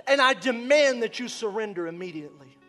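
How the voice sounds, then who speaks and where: A proud ancient conqueror-king, a man, calls out loud orders in a raised, highish voice, as a preacher puts him on. Faint guitar plays behind him. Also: lively intonation, brisk, exaggerated voice. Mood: commanding. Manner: loud, demanding proclamation.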